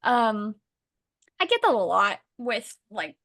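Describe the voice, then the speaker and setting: A young woman co-hosting a podcast, ranting in a blunt, profane, animated casual chat. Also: fairly high pitch, slow, no echo, clean studio sound. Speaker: podcast co-host.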